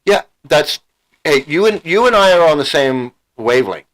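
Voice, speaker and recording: A man's voice: on the high side, expressive, moderate pace, a bit bright, poor audio. A middle-aged man hosting a livestream, ranting heatedly and emotionally, repeating himself and swearing. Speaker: channel host. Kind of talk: angry livestream rant.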